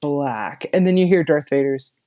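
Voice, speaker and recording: A woman co-hosting a show, chatting in an animated, giggly way with many fillers. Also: low voice, moderate pace. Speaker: podcast co-host. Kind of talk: casual chat.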